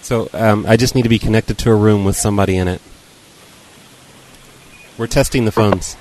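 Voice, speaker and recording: Stumbling deadpan male prank caller. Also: on the low side, normal speed, rough recording. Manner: stumbling, feigned-official deadpan. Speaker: prank caller and show host. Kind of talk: prank phone call.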